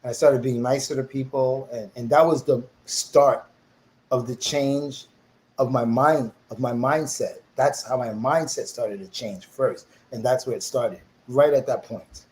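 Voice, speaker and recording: A man's voice: mid-range voice, a little slow, slight background noise, rough recording. A middle-aged man, telling his life story as an interview guest and acting out the voices of people he quotes. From New York, USA. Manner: animated storyteller who acts out quoted voices.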